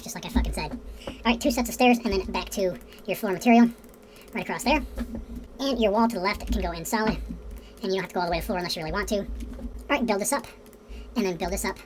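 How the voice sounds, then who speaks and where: A woman's voice: medium pitch, fast talker, long pauses, noisy background. A woman narrating a casual building tutorial, counting blocks aloud to viewers and swearing under her breath when pieces don't line up. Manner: addresses viewers directly. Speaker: game building tutorial host.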